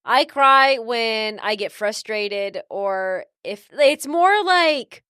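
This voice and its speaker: A woman's voice: a little high, lively intonation, extremely slow, sharp tone, smooth, no echo, studio quality. A woman chatting playfully and teasingly with her fiancé about their wedding. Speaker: vlog co-host, bride-to-be. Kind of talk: casual chat.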